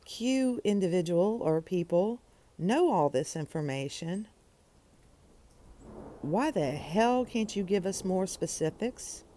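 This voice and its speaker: A woman's voice: on the low side, warm tone. A woman delivering an exasperated, sarcastic opinion monologue for her podcast.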